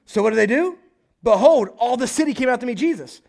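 High-voiced, animated male preacher. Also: fast talker, vocal fry. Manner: animated preaching, acts out voices, frequent "right?". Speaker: pastor. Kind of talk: sermon.

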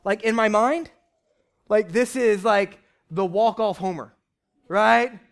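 A young man preaching a lively, conversational sermon from a church stage, shouting at times for emphasis. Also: sits high, slow pace, creaky. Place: church stage before a congregation.

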